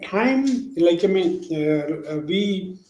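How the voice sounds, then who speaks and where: A hesitant man in his forties works his way through a question on a video call, with many pauses. His voice sits a bit high for a man. The sound is roomy and echoey. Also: lively intonation, dark tone. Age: 40s. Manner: hesitant, many fillers and restarts. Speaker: audience member asking a question.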